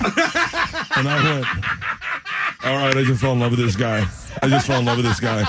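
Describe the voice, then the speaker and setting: A man, a comedian guest in a radio studio, telling rowdy stories full of laughter and quick put-on voices. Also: on the low side. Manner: laughing, animated storytelling with voices. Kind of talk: rowdy storytelling.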